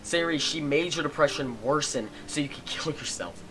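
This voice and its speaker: A man's voice: on the high side, moderate pace, a bit bright, natural voice. A man reading aloud as an angry young male protagonist in a visual novel game, in an accusing, heated tone.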